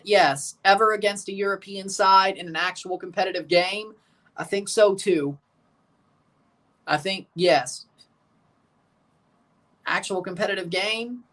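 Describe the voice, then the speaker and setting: This streamer's voice is high-pitched and fairly bright, and he speaks unhurriedly with long pauses. Watching a live football match, he casually narrates the action, replies to viewers, and turns nervous toward the finish.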